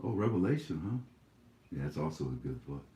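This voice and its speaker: Male YouTube host, soft dark voice, preachy and rambling, echoey room. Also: a bass voice, sing-song, brisk. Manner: scolding, preachy, rambling with many fillers. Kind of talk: casual monologue to viewers. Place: his home.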